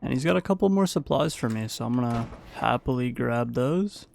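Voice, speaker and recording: A man's voice: mid-range voice, animated, brisk, gravelly, darkish tone, a little hiss or hum. A man giving a casual, playful play-by-play voice-over of his own gameplay as a gaming YouTuber.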